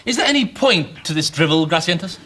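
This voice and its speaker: An actor playing a bored, self-indulgent Roman governor who brushes people off with dry quips. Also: male voice, a little high, expressive, brisk, noisy background, close to an everyday voice. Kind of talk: sitcom acting.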